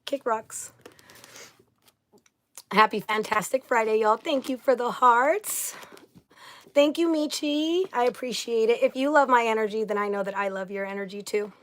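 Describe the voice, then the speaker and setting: A bubbly woman hosts a casual livestream, greeting viewers by name in an upbeat, gushing way. Her voice sits a touch high for a woman. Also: fairly even intonation, moderate pace. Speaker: livestream host.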